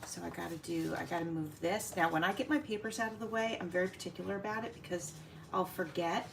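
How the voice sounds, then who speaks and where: A woman hosting a casual craft livestream, chatting warmly with viewers by name and laughing often as she works. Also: fairly low pitch, quick pace, gravelly, slight background noise.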